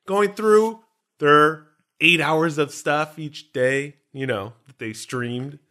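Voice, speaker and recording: A man co-hosting a podcast in casual, joking banter, animated and self-mocking. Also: on the high side, takes it slowly. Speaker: podcast co-host.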